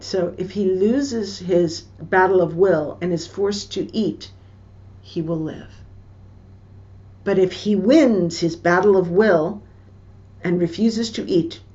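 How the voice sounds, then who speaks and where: A woman teacher reading a book passage aloud and stopping to explain what words mean, in a slow, deliberate way. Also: fairly low pitch, mellow, highs cut off. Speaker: English teacher.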